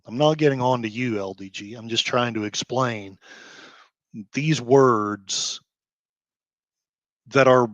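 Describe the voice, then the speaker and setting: A man hosting his own commentary show, ranting with feeling, sighing and breaking into quick heated outbursts between quieter stretches. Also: medium pitch, no echo. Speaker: blogger host. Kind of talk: emotional commentary rant.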